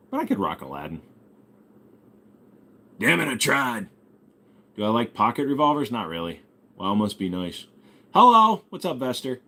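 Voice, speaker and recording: A man's voice: on the low side, fairly bright tone. A young man hosting a laid-back livestream, reading viewer comments aloud and answering with crude, swear-heavy jokes. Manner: joking, crude, swears often, talks to chat. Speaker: livestream host.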